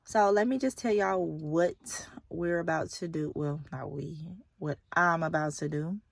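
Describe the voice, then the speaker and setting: Unhurried and low-pitched, with a creaky quality and no room sound, a young adult nurse vlogs from a kids' sports game. She chats candidly, occasionally sinking to a whisper.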